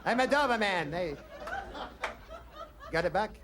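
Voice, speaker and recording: Washed-up Doberman dog voiced by a man, begging, wistful, high-pitched, noisy stage recording. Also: expressive, measured pace. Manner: panhandling, wistful. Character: down-on-his-luck washed-up male Doberman dog. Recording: noisy live stand-up recording.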